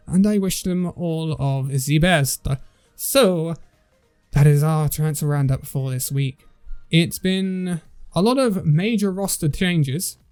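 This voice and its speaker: A man's voice: a little high, darkish tone, clean tone. A man hosting a casual esports news roundup, chatty and tripping over player names as he reads through the list.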